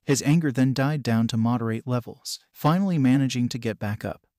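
A man narrating a fan-written story, reading it evenly and flatly. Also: medium pitch, a little fast, no room sound, clean studio sound. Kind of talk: read-aloud fanfiction narration.

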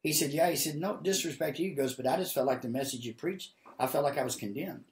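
A man preaching a sermon live from his home office, telling stories in a folksy way and rising to loud, high-pitched exhortation. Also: quick pace, echoey room. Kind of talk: sermon with acted-out storytelling. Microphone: livestream camera mic.

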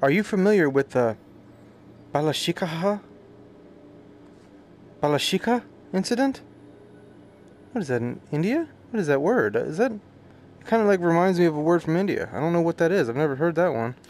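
A male streamer reads game subtitles aloud and breaks off into crude, joking asides. His voice sits somewhat high and swings widely in pitch. He swears freely and reacts loudly to what he sees. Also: lively intonation, quick pace, a little hiss or hum. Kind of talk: casual let's-play commentary, reading subtitles aloud.

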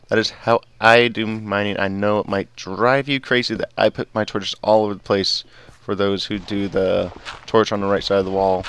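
A man's voice: low voice, fairly bright tone. A man giving casual, rambling gameplay commentary as host of his gaming videos, often digressing.

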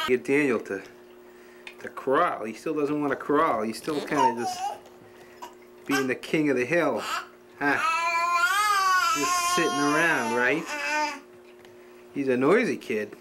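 A man's voice: medium pitch, sing-song, a little slow, long pauses. A man, a father filming a home video, chatting to the camera and cooing to his baby. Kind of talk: casual home video narration. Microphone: camcorder microphone. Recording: hissy old camcorder tape.

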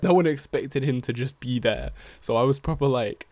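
Young guy w a sheffield accent, slangy rambling chat, self-deprecating, medium pitch. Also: fast, few pauses, darkish tone, no room sound. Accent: Sheffield English. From Sheffield, England. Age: young adult. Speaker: rapper and music producer. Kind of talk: casual vlog storytelling.

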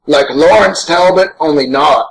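A man co-hosts a crude, brash, rambling watch-along commentary in character as a gigantic, grouchy green monster, swearing a lot. His voice is on the high side and a little slow, and the recording is rough.

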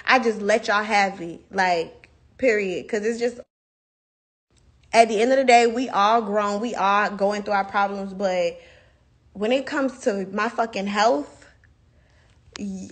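A woman's voice: mid-range voice, a bit bright. A young woman ranting bluntly and profanely into her phone on a livestream. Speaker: livestream host. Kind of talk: heated casual livestream rant.

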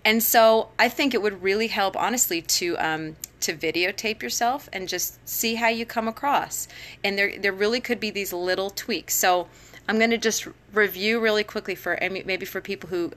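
Streaming live from her phone at home, a middle-aged teacher and education blogger gives relaxed, conversational teaching tips. She speaks at a normal speed in a medium-pitched, fairly bright voice, laughing and using fillers often.

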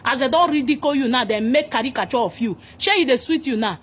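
Scolding high-voiced Nigerian woman. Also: expressive, fast, breathy edge. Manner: scolding, mocking, mixing pidgin. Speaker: commentator. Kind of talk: angry reaction rant.

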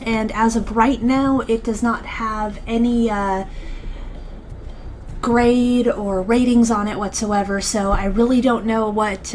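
A woman talks through a game she is playing, her speech unhurried and full of hesitations and restarts. She sounds like a channel host chatting casually to her viewers. A faint noise sits under the recording. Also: medium pitch. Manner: hesitant, rambling with many fillers and restarts. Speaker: let's play commentator. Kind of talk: casual gameplay commentary.

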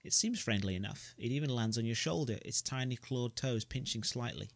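A man's voice: medium pitch, brisk, vocal fry, dry recording. A man reading the narration of a story game aloud, with joking asides. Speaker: gamer.

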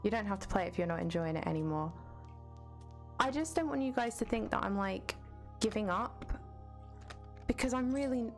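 Woman, game streamer, casual chatter, swears a lot, faint music behind. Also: fairly high pitch. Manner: chatty, swears freely, answers chat aloud. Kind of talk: casual live-stream chat while gaming.

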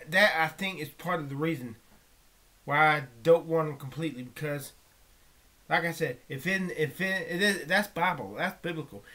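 A man praying aloud in a halting, pleading monologue, often breaking off and restarting, dropping to a hush at times. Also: on the high side. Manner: drops to a hushed whisper at times. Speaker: vlogger. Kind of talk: spoken prayer monologue.

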